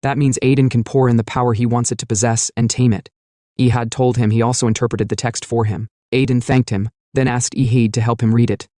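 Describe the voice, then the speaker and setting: A man narrating a comic recap in a steady storytelling manner, reading the lines of the characters in his own voice. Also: medium pitch, fairly quick, no room sound, studio quality.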